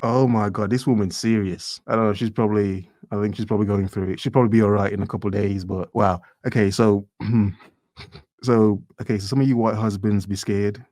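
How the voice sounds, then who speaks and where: A man's voice: fairly low pitch, fairly quick, dark tone, no room sound, clean studio sound. A man hosting a reaction video, rambling and mocking, keeps insisting he is only joking. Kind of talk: casual commentary.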